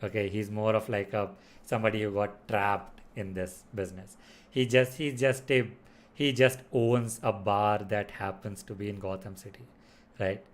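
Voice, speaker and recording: A man's voice: fairly low pitch, steady tone, moderate pace. A man giving a casual spoken film review, rambling with lots of fillers and restarts. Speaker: movie reviewer.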